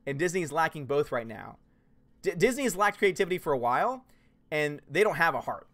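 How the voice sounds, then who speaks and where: A man hosting a livestream, reading chat messages and answering in a casual, animated way with loud jokey outbursts. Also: fairly high pitch, brisk, no room sound. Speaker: YouTube channel host reading live chat.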